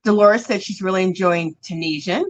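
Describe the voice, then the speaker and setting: A chatty woman hosts a casual livestream and keeps greeting her viewers by name. She reads their comments aloud and answers with gushing exclamations while she crochets. Her voice sits at an ordinary middle pitch for a woman. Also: normal speed, highs cut off. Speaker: livestream host.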